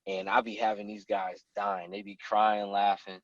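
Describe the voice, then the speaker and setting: A man as a podcast guest, chatting casually and telling animated stories about hunting. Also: on the low side, moderate pace, no room sound, dull audio. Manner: animated, acts out people in his stories. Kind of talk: casual storytelling chat.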